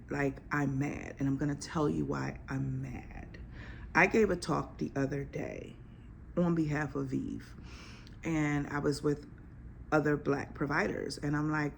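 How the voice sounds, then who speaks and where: A woman's voice: deep voice, fairly even intonation, measured pace, creaky, a little hiss or hum. A woman doctor, talking bluntly and emphatically in casual slang to her podcast audience. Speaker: OB-GYN physician and podcast host. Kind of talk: casual podcast talk on health.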